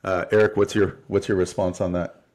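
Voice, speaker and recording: A man's voice: sits low, level tone, fairly quick, a little mellow. A man hosting a casual podcast interview, explaining with analogies and frank, profane talk. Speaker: podcast host.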